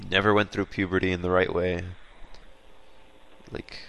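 A man's voice: low voice, level tone, normal speed, fairly bright tone, clean tone. A man co-hosting a casual comedic podcast chat, blunt and laid-back, laughing often. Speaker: podcast co-host.

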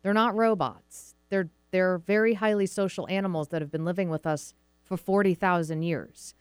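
A middle-aged woman with a Pacific Northwest American accent, a dog trainer hosting a dog podcast, explains things casually and chattily, slipping into acted-out voices of dogs and owners. Her smooth, slightly low voice holds a steady tone at a moderate pace. The recording is close and dry with no echo.

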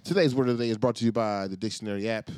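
A man co-hosting a casual podcast, animated and self-mocking, laughing often. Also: fairly low pitch, rapid-fire, clean tone, dry recording, clean studio sound. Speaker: podcast co-host. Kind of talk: casual chat.

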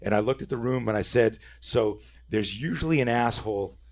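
A man's voice: mid-range voice, a little fast. A middle-aged man telling a story in casual podcast chat, swearing freely, with lots of restarts. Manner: profane, animated storyteller with many restarts. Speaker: podcast guest, self-defense instructor.

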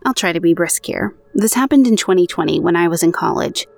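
Low-voiced woman reading ghost stories. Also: lively intonation, brisk, vocal fry, a little mellow, soft background music. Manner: conversational, self-deprecating asides. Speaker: podcast host. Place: home recording booth.

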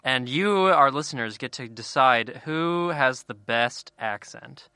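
A man's voice: mid-range voice, lively intonation, measured pace, sharp tone, smooth, dry recording, clean studio sound. A man co-hosting a podcast in casual chat, playful and joking. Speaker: podcast co-host.

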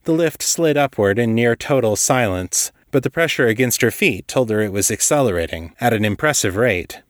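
A man reading a story aloud as narrator in a steady, measured way. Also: medium pitch, no echo, clean studio sound. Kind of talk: scripted narration.

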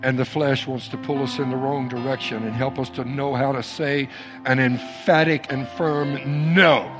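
A man's voice: mid-range voice, fairly even intonation, moderate pace. A man preaching a sermon and leading a prayer in a church, emphatic and repetitive in his phrasing. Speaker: pastor. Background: soft instrumental music.

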